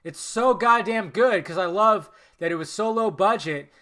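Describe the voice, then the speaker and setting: A man's voice: high voice, moderate pace, bright, forceful tone. A man hosting a film podcast in casual chat, swearing freely and rambling off on tangents with lots of self-corrections. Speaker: podcast host.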